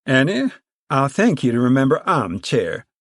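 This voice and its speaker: A man reading aloud and voicing a big, powerful woman who chairs a camp committee, booming, formal and proud. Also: lively intonation, moderate pace, a little mellow, no room sound, clean studio sound.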